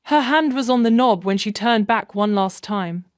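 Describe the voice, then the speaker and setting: A woman narrating a first-person story in a gentle, measured manner. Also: medium pitch, animated, no room sound, studio quality.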